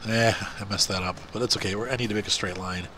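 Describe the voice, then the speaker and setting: A middle-aged man with a congested nose rambles casually and pokes fun at himself while playing a farming game, like a gaming video host. His voice is fairly low and fairly even, delivered fast with a pushed, bright quality. There's slight background noise.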